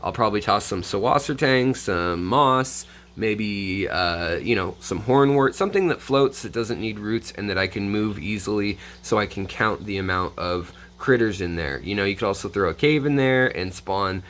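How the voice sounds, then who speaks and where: A man's voice: on the low side, expressive, moderate pace, hardly any pauses, fairly bright tone, a little hiss or hum. A man hosting a casual hands-on tutorial from his home fish room, rambling with frequent fillers and self-corrections. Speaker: aquarium hobbyist channel host.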